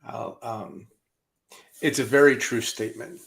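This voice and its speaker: A man's voice: mid-range voice, expressive, creaky, fairly bright tone. A man hosting a business podcast, talking casually, often restarting and stumbling before his point lands. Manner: halting, with repeated restarts and fillers. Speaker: podcast host.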